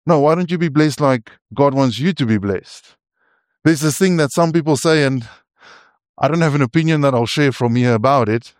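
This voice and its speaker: A man's voice: medium pitch, normal speed, no room sound, clean studio sound. A man preaching a sermon. He is earnest and often stumbles and restarts his phrases, and he turns to his listeners with asides.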